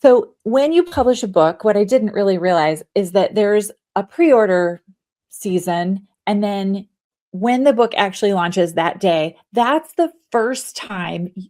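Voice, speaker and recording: A woman in her forties, a guest author on a podcast, telling a personal story in a lively, animated way and acting out her own thoughts. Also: medium pitch, a little slow. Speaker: guest, author and leadership coach. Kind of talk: casual podcast interview.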